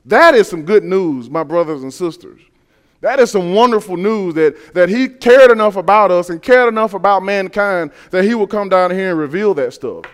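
A man's voice: high voice, expressive, moderate pace. A man preaching a sermon to his congregation, talking emphatically, repeating his phrases and asking rhetorical questions.

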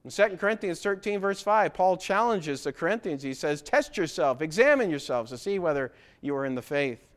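A man's voice: a little high, lively intonation, brisk. A man preaching a sermon in an earnest, exhorting way, asking his listeners pointed questions.

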